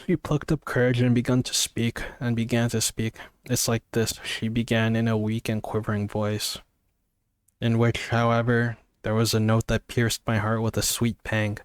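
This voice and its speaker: A man's voice: medium pitch, flat delivery, normal speed, smooth, dry recording. A man casually reading a novel aloud, stumbling and restarting now and then, with offhand asides. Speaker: amateur reader.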